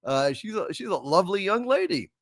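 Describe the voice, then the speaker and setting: Animated, high-pitched male livestream host. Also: brisk, no echo, clean studio sound. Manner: animated, jokey, shouting greetings with big pitch jumps. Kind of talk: casual livestream chat reading super chats.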